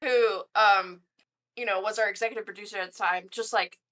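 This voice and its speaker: A woman designer telling a story in casual chat, loud and crude, full of swearing and fillers, with a high-pitched snorting laugh. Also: steady tone, a little fast. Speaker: game systems designer, guest.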